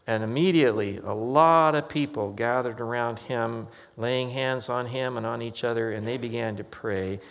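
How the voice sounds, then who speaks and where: A man's voice: mid-range voice, steady tone, moderate pace, creaky, hardly any pauses, a bit bright, big-room sound. A man, a pastor, preaching a sermon in a conversational storytelling way and quoting the people in his stories. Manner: conversational storytelling with quoted voices.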